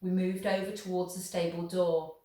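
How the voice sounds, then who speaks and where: A woman teacher reading a novel aloud to her class in a steady, encouraging way. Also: lowish voice, moderate pace, far from the mic. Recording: echoey room, voice off the mic.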